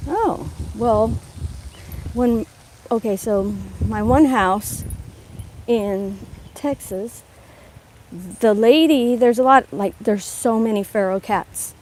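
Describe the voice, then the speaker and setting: Woman, chatty and meandering, slow unhurried talk, phone held in hand on an outdoor walk. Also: on the high side. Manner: meandering, chatty, talks to her dogs while walking. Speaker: vlogger livestreaming a dog walk. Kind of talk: rambling casual live chat. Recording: phone audio outdoors with loud background noise. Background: loud birdsong and outdoor noise.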